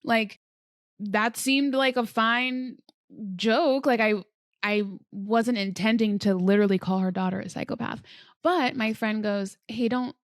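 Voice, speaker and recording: A woman's voice: fairly high pitch, fairly even intonation, a little slow, dry recording, clean studio sound. A woman hosting a solo podcast, talking casually and earnestly about manifesting, with many filler words. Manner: chatty, frequent "like" fillers, earnest. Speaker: podcast host.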